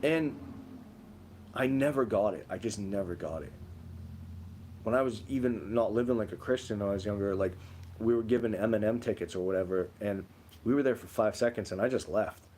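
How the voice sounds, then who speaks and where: A man's voice: on the low side, fairly quick, darkish tone, slight background noise. A young man co-hosting a livestream, telling rambling stories in casual chat and reading out viewer comments, full of "like" fillers. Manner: rambling storytelling, many "like" fillers. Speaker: livestream co-host.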